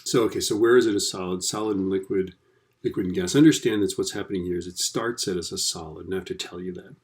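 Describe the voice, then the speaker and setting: Speaking fast in a voice that sits low, this man delivers a recorded lesson. He keeps it casual and chatty, repeatedly asking "right?" along the way.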